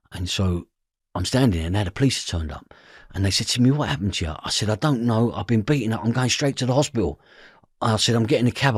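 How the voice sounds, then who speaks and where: Husky Cockney man telling a story. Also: fairly low pitch, no echo, clean studio sound. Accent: London Cockney. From East London, England. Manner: animated, acts out voices in quotes, swears. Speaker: interview guest. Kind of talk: storytelling in an interview.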